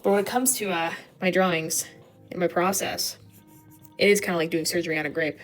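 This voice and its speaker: A woman's voice: lowish voice, fairly even intonation, a little fast, faint music behind. A young woman rambling casually while she draws, with lots of fillers and free swearing. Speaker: digital artist. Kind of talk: rambling voice-over while drawing.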